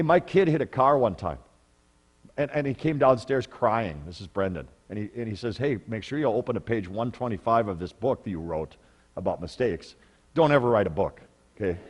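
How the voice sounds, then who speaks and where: A middle-aged man presenting at a parenting workshop, telling stories in an animated way and asking the audience questions. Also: mid-range voice, in a large hall. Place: large conference room.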